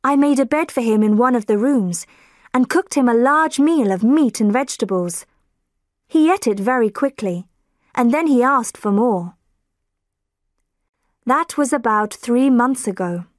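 A woman's voice: fairly high pitch, lively intonation, measured pace, long pauses, dry recording, studio quality, voice pushed up. A woman narrator voicing a young woman who earnestly pleads for help with a man claiming to be her father. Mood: complaining. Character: young woman worried about a false father.

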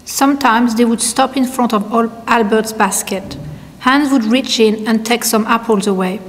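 A woman reading a children's storybook aloud in a gentle, even manner. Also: fairly high pitch, moderate pace. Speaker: reader. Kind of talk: storybook narration. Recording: long hall reverb.

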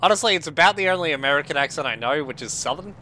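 A man's voice: fairly high pitch, lively intonation, racing, sharp tone, a little hiss or hum. An Australian man in casual gameplay commentary, swearing, joking and chatting with his viewers. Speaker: streamer.

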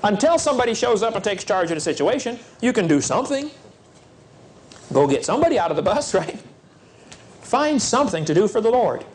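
A man's voice: high-pitched, big pitch swings, fairly quick, a little mellow. A man preaching to young people at a seminar, folksy and urgent, acting out little scenes as he talks. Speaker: evangelist speaker.

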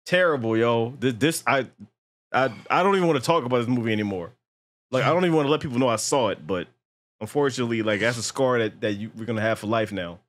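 Ranting man, mid pitch. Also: fast. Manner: blunt ranting, heavy swearing. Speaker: movie reaction co-host. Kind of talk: casual movie reaction chat.

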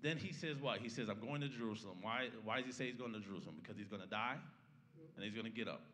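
A man's voice: on the low side, very fast, a bit bright, in a large hall. A man pastor preaching a sermon in a church, talking conversationally and often checking in with the congregation. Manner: conversational preaching, keeps asking the congregation "right?"; opens with a prayer, then teaches the Bible passage. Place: church sanctuary.

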